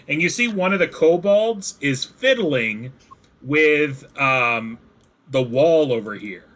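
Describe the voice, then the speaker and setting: A man's voice: a little high, animated, slow, a bit bright. A man narrating as game master, describing scenes casually with many fillers.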